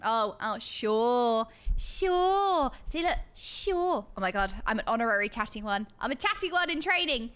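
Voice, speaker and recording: A woman streamer giving playful, sassy, excitable commentary while playing a game. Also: fairly high pitch, unhurried, few pauses, clean tone.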